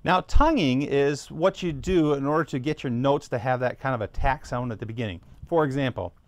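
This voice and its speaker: A man's voice: mid-range voice, fairly quick, no echo. A man teaching a beginner trumpet lesson, patiently walking through each step and sounding out practice syllables.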